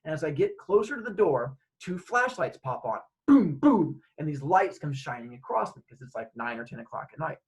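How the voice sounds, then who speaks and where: Animated man telling a story. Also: on the high side, a little fast, hardly any pauses, low-quality recording. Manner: animated, acts out dialogue. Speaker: host. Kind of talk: casual storytelling.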